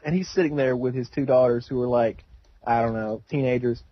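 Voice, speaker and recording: A man's voice: medium pitch, brisk, no echo, dull audio. A man telling a long anecdote in casual chat, rambling with restarts and a wry tone. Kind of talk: casual storytelling.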